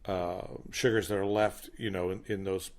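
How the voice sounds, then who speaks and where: A man's voice: low-pitched, flat delivery, moderate pace. A man co-hosting a casual tasting chat, thoughtful and explaining at length. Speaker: podcast co-host.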